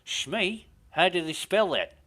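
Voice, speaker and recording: A man putting on a loud, cheery Australian radio host. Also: lively intonation, takes it slowly, heavily acted. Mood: chirpy. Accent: put-on Australian. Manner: loud, high, sing-song presenter patter.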